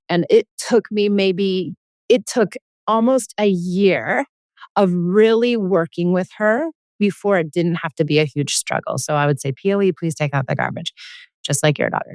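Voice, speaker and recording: A woman with a lowish voice coaches a parent in a frank, earnest way, sometimes acting out a child's side of a scene. The sound is dry and close, with no room around it. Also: a little mellow, no room sound. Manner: earnest, direct, acts out scenes with kids. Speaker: parenting coach and podcast host. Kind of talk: coaching conversation.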